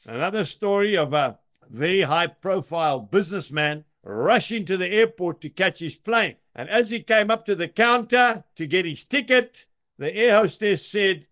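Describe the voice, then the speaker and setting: A man's voice: high-pitched, lively intonation, moderate pace. A man giving a short daily devotional, telling anecdotes with chuckles. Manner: warm storytelling with chuckles. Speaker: devotional speaker.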